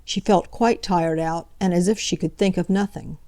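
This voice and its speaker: Reading aloud from a classic novel, the female narrator sounds steady and controlled, her voice pitched fairly low.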